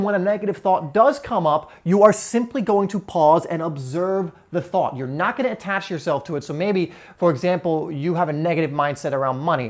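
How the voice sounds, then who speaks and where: A young man teaching at a whiteboard in an earnest, conversational way, with shifting emphasis. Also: fairly high pitch. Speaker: self-help coach.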